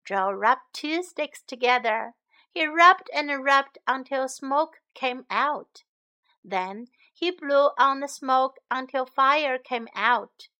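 A woman narrating a children's storybook for English learners. She reads slowly and clearly, in a high, bright, expressive voice. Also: dull audio.

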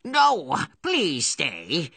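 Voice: medium pitch, huge pitch swings, extremely slow, creaky, bright, forceful tone, breathy edge, dry recording, heavily acted. A performer voicing a blunt, money-minded male restaurant owner in a storybook. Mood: brusque. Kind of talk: storybook voice acting.

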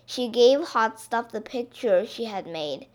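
A woman reads a children's picture book aloud, drawing out her words with expression. Her voice is slow, a little high, and rises and falls a lot. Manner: expressive, drawn-out reading. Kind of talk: storybook reading aloud.

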